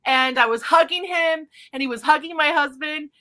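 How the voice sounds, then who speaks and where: Bright-voiced animated woman storyteller. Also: sits high, moderate pace. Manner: spiritual vocabulary. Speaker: podcast host and psychic medium. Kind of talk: casual storytelling chat.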